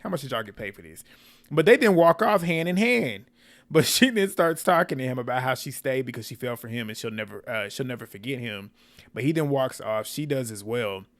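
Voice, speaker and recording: A man's voice: medium pitch, a little fast, fairly bright tone. A man recapping a reality dating show in casual, blunt commentary, swearing and laughing often.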